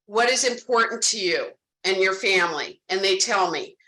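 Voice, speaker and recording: Bright-voiced woman coaching sales, roomy echo. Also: medium pitch, normal speed. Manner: animated, direct, addresses audience as "guys". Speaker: insurance sales trainer. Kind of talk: sales training talk with role-played client dialogue.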